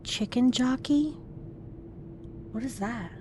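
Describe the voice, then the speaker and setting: A woman's voice: a little high, slow pace, dark tone, a little hiss or hum. A young woman streamer chatting casually with her viewers, greeting them by name and often dropping to a whisper. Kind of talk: casual live-stream chat.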